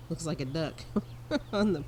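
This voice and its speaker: Slow, hoarse woman outdoors. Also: low voice, animated. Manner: slow, rambling, laughs often. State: sick, hoarse. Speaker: vlogger. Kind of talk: casual vlog chat. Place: outdoors in a snowy yard with chickens. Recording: outdoor background noise. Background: outdoor ambience with animals.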